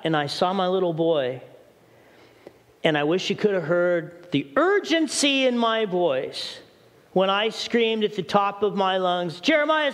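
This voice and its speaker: A man's voice: sits high, a bit bright. A middle-aged man preaching a sermon as pastor, urgent and questioning the congregation directly. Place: church hall. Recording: long church hall reverb.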